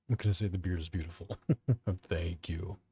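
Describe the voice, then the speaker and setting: Young male streamer, low husky voice, dry close mic, casual and foul-mouthed, self-deprecating. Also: steady tone, moderate pace, dark tone, no echo. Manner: profane, offhand, self-mocking. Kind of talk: casual live-stream chat.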